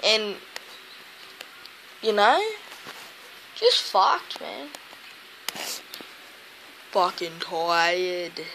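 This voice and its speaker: A sleepy woman rambles to her camera at home, cursing almost every other word. Her delivery is slow and dragging, but her pitch leaps up and down a lot. Faint room noise hums underneath. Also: lively intonation, bright, forceful tone, poor audio. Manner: swears constantly, drowsy and grumbling. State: sleepy, just woke up. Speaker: vlogger. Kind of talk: casual rambling vlog. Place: at home by a window.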